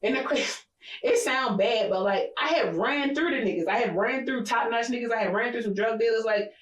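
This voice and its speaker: A woman co-hosting a podcast, telling a personal story in blunt, profane casual chat, getting animated when she quotes people. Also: fairly high pitch, normal speed, echoey room, poor audio. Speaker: podcast co-host.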